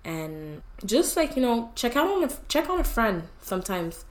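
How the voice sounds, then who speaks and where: A young woman from Canada co-hosting a podcast, talking in a halting, emotional way with many fillers. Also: fairly high pitch, sing-song. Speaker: podcast co-host. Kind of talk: casual chat.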